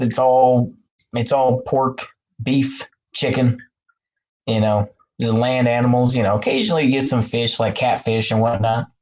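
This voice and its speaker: A man's voice: mid-range voice, darkish tone, poor audio. A man rambling in a casual chat with his viewers, full of fillers and frequent laughs, talking from his bathtub. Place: bathroom, in the bathtub.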